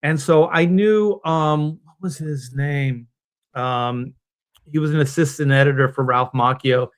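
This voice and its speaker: A middle-aged man from Southern California, a comic book artist appearing as a guest on a panel stream, tells a rambling personal story over a video call. His voice sits a bit high for a man. He's an animated storyteller who slips into quick impressions of the people in his tale.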